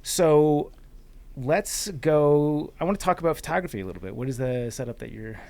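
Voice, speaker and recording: A man's voice: on the high side, normal speed, vocal fry, dark tone. Upbeat joking male podcast host. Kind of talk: casual interview chat.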